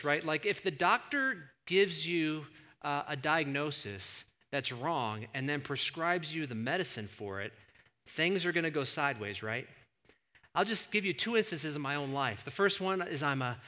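A male pastor preaching a sermon in a church, an animated storyteller who surges into emphatic, near-shouted points. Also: a little high. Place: church sanctuary. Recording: long reverb of a church hall.

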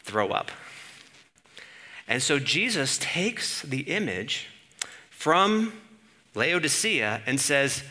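Guy preaching a sermon, lively, asks the crowd stuff, bright ringing voice. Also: medium pitch, drawn-out words, pauses often. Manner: animated, rising to emphatic peaks with rhetorical questions.

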